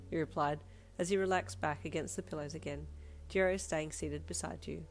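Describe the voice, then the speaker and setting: Low-voiced woman reading fanfiction. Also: steady tone, fairly quick. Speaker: fanfiction reader. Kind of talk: second-person storybook narration. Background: soft backing music.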